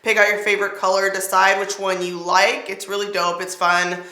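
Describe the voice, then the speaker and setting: Woman, young, bright forceful voice, playful chatty makeup tutorial, roomy echo. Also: medium pitch, little pitch movement, normal speed. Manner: chatty, playful, talks through each step. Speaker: beauty vlogger. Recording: roomy echo, faint music.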